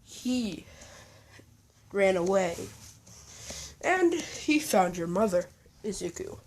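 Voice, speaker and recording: A cheerful old Santa figure with a loud, hearty manner, as a woman reads him out in a storytelling video. The delivery is unhurried and the voice sits at a middling pitch. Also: big pitch swings, slight background noise, low-quality recording. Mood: explaining. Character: jolly old male Santa Claus, cheerful.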